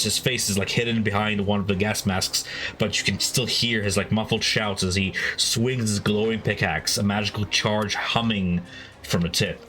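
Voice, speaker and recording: A man's voice: fairly low pitch, a bit bright, slight background noise, low-quality recording. A man narrating a tabletop game as game master in a casual way, filling his speech with "like" and "uh". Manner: casual, many fillers like "like" and "uh". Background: faint music.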